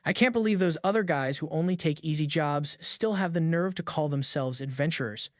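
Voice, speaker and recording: An eager, talkative townsman played by the narrator, gushing over a hero. The voice is a little high for a man and close and dry. The read stays close to plain storytelling. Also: a little fast, no room sound, natural voice.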